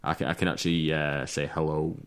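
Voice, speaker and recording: A very low-pitched man chatting casually with friends on a podcast. He tells long, rambling stories and breaks into laughter easily. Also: a little fast. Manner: laughs often, rambling storyteller. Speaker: podcast co-host. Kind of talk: casual chat.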